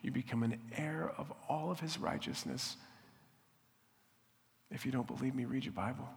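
A man preaching a heartfelt sermon, his voice gravelly with a rough edge. He moves from earnest storytelling to soft, hushed prayer. The sound carries a long reverb. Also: medium pitch, normal speed, pauses often. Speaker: pastor.

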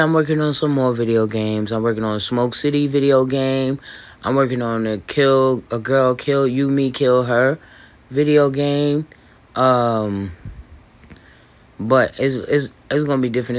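A man hosting a podcast, talking in a loose, boastful monologue full of fillers, restarts and swearing, with hiccups and throat clearing. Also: medium pitch, moderate pace. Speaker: podcast host. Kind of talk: rambling casual monologue. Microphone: voice message recording.

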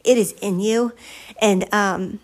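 A woman hosting a faith-based podcast, speaking with earnest emotion and chatty warmth, building her points through emphatic repetition. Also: medium pitch, fairly even intonation. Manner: casual and chatty, with fillers and quick laughs. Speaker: podcast host. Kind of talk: faith-based motivational monologue.

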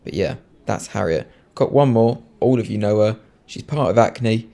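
A man's voice: lowish voice, animated, normal speed, gravelly, warm tone. A man hosting a casual podcast, jokey and self-mocking as he introduces clips. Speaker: podcast host.

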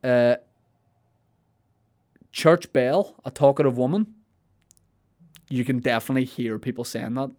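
A man's voice: medium pitch, a little slow, pauses often, darkish tone. A man, a comedian riffing playfully through a podcast monologue with plenty of swearing.

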